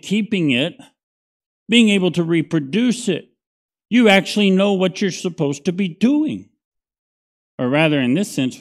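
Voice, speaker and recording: A middle-aged man, a pastor teaching a Bible study in a conversational, folksy way, often checking in with "right?". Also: on the high side.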